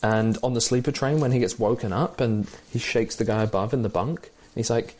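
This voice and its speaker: A man's voice: mid-range voice, brisk, few pauses, darkish tone. Chatty, enthusiastic man talking films. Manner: enthusiastic, chatty, lists small details. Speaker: film podcast co-host. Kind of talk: casual conversation.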